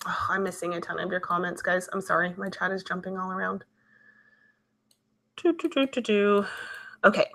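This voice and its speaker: A woman's voice: on the low side, normal speed, long pauses, a bit bright. A woman hosting a live stream, reading viewer comments aloud and answering them in a chatty, conversational way. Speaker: livestream host reading viewer chat. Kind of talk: casual live-stream chat.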